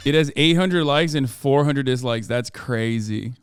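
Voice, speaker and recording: A man's voice: mid-range voice, unhurried, clean tone, no room sound, clean studio sound, soft background music. A man in his thirties reacting to a video on his live stream, rambling casually with many restarts and casual swearing.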